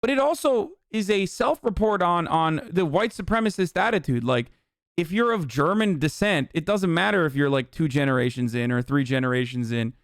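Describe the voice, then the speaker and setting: A man's voice: fairly high pitch, animated, normal speed, no room sound, clean studio sound. A man streaming heated political commentary, ranting angrily and swearing constantly. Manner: profane, angry ranting.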